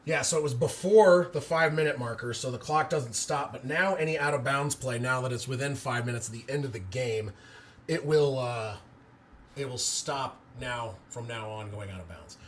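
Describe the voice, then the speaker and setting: A man doing amateur live play-by-play of a football game, excitable and breaking into loud cheers, chatting with viewers between plays. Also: mid-range voice, normal speed, a little hiss or hum.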